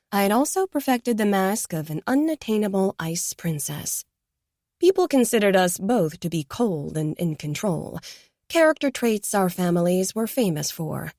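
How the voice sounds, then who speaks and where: Soft-voiced woman narrating a romance audiobook. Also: medium pitch, dry recording, clean studio sound. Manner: soft, intimate, hushed at times.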